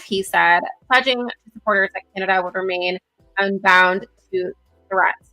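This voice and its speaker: A woman co-hosting a casual political commentary show over a video call, chatty and giggly, reading news aloud with quick asides. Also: medium pitch, steady tone, sharp tone, faint music behind. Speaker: co-host. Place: home, virtual background.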